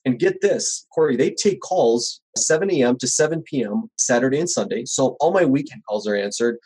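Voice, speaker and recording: A man's voice: medium pitch, normal speed, slightly rough, low-quality recording. A man who runs a small home service business, chatting as a podcast guest and acting out little scenes as he tells them. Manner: animated storyteller, acts out quoted voices. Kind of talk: casual podcast conversation.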